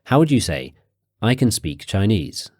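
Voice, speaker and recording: A man narrating a guided audio language course, giving clear, measured prompts and slowing down for key phrases. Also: on the low side, very animated, darkish tone, no room sound, clean studio sound.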